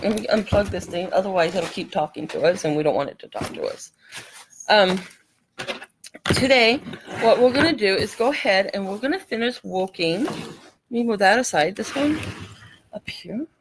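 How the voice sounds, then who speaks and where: A woman's voice: medium pitch, background noise. A woman hosting a live craft tutorial, chatting casually, apologizing often and greeting viewers by name as they join. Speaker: craft channel host.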